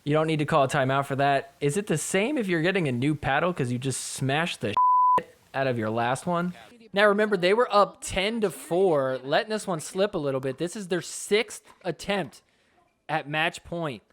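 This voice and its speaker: A man with a notably high voice runs through match clips as a podcast host. He talks in an excitable, joking way and swears freely as he points out the action. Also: moderate pace. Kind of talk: recap commentary over match clips.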